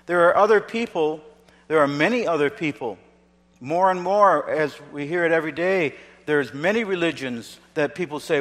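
A man preaching a sermon as a pastor, emphatic and swinging between hushed, low passages and loud declarations. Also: moderate pace. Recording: long reverb of a large hall.

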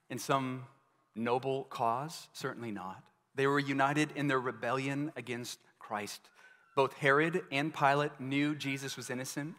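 A man's voice: mid-range voice, fairly bright tone. Man preaching in an echoing hall. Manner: earnest, rhetorical questions, acts out voices. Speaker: pastor. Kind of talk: sermon. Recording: long reverb of a large hall.

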